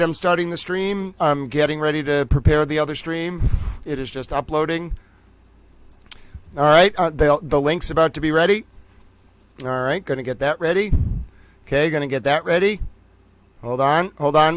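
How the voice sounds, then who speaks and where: A man's voice: on the high side, fairly bright tone, no room sound. A man hosting a casual livestream, talking to his chat with theatrical mock outrage while fiddling with his computer. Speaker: livestream host.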